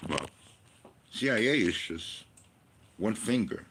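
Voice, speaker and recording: A man's voice: deep voice, animated, unhurried, a bit bright, a little hiss or hum. A man giving a rambling personal monologue, emphatic and profane, full of rhetorical questions. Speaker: vlogger.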